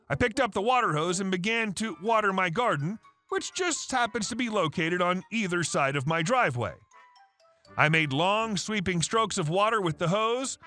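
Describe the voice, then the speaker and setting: A man narrating reddit stories aloud in an animated storytelling manner. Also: high voice. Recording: faint background music.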